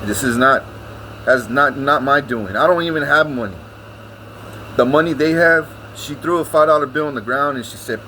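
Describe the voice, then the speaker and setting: A man's voice: mid-range voice, moderate pace, pushed and bright, slight background noise, poor audio. Profane, rambling man. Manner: profane, rambling, repeats himself. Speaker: vlogger. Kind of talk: casual ranting monologue.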